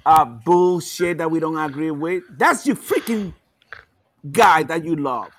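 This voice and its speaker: A man's voice: fairly high pitch, lively intonation, a little slow, a bit bright. Heated man with a foreign accent. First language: not English. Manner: heated, swearing, talks over others. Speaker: veteran caller. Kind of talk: casual political argument.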